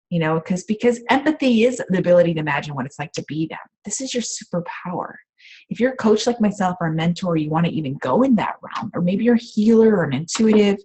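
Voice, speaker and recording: A woman's voice: mid-range voice, darkish tone, husky. A woman coach giving casual, rambling advice on a group call from her home office, with frequent "um" fillers. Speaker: empath coach.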